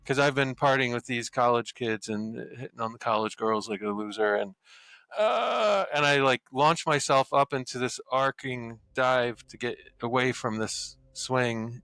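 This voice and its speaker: A man playing a tabletop game, narrating his character's actions in lively storytelling with quick bursts. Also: mid-range voice, smooth, no echo. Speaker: player.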